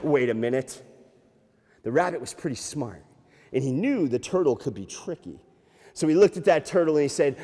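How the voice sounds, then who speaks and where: A man working as a nature museum storyteller, telling an animated, playful tale to children with sound effects. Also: on the high side, a little fast. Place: library room. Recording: echoey hall.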